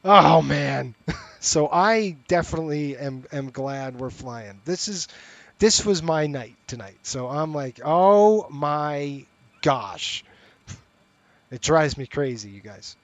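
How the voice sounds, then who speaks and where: A man's voice: on the high side, lively intonation, a little slow, vocal fry, a bit bright, no room sound. A middle-aged man streaming a flight sim, chatting casually and talking straight to his viewers. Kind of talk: casual live-stream chat and commentary.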